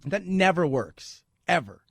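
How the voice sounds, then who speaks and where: Lively high-voiced man hosting talk radio. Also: measured pace, gravelly, slightly rough, no room sound. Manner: animated, laughing and sarcastic. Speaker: radio talk show host. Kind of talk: opinionated talk radio monologue.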